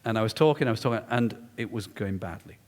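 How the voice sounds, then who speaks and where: A man's voice: fairly low pitch, quick pace, darkish tone. A man telling a story during a public lecture, emphatic and confiding. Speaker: guest lecturer. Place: lecture hall. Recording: echoey lecture hall.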